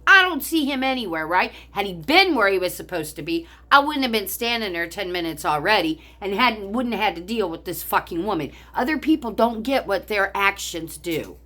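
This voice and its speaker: A woman's voice: medium pitch, animated, moderate pace, hardly any pauses, pushed and bright. An older woman vlogger telling a story angrily, in a heated, profane rant. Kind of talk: angry personal storytelling.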